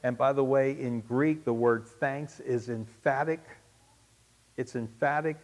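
A man preaching a sermon to his congregation. He swings from loud, emphatic peaks to hushed asides and repeats key phrases for emphasis. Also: mid-range voice, a little slow. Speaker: pastor.

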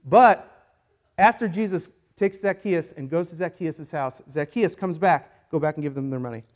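A man preaching a sermon as a pastor, playful and energetic, joking with volunteers while acting out a Bible story. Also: on the high side, moderate pace. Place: church service.

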